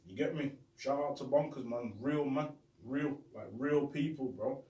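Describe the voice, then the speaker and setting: A man's voice: mid-range voice, a little slow, mellow, far from the mic. Young man, host, slang-heavy and repetitive, phone recording in a roomy bedroom set back from the mic. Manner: street slang, repetitive, heartfelt. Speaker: show host. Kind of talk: casual shout-out monologue. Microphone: phone camera.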